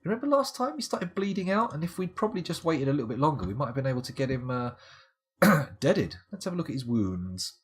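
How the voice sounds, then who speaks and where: Husky, lively streamer. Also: male voice, fairly high pitch, quick pace. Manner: wry, rambling, self-mocking asides. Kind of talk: live-stream game commentary.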